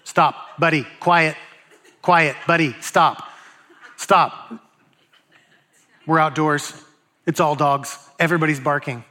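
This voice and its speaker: A man's voice: on the high side, pushed and bright. A man preaching a sermon as a pastor, talking in a loose, joking, storytelling way and putting questions to his audience.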